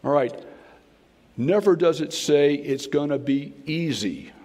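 A man's voice: on the high side, lively intonation, slow pace, background noise. Folksy Southern man preaching in a hall. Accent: American Southern. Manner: folksy, conversational preaching with playful voices. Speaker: guest speaker. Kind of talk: sermon. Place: auditorium. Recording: long hall reverb.

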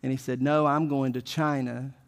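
A man's voice: mid-range voice, little pitch movement, moderate pace. A man preaching a sermon, emphatic and asking the congregation questions as he goes. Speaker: pastor.

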